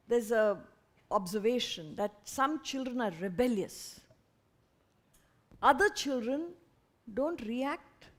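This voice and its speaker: A woman giving an earnest, lively spiritual talk to an audience, sometimes acting out parents' voices. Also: high voice. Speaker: spiritual speaker.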